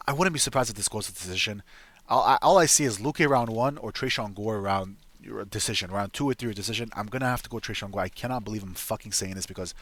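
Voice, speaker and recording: A man's voice: lowish voice, a bit bright, no echo. Blunt, profane man breaking down fights. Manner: profane, blunt, rambling with frequent restarts. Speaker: MMA betting analyst. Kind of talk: casual solo fight predictions.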